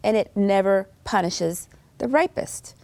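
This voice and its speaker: A woman hosting an interview, soft-spoken, answering her guest with steady murmurs of agreement and quiet amens. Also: medium pitch, unhurried, no echo. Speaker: host.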